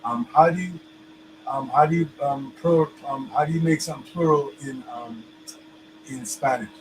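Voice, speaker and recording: A man's voice: mid-range voice, moderate pace, background noise. A man hosting and teaching casually, rambling and checking in with "you understand me?". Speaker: host teaching Hebrew letters.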